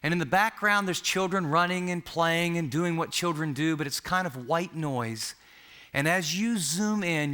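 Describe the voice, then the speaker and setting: A male preacher with a bright, forceful voice, pitched a little high. He tells a sermon story vividly, setting the scene for his listeners. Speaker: pastor.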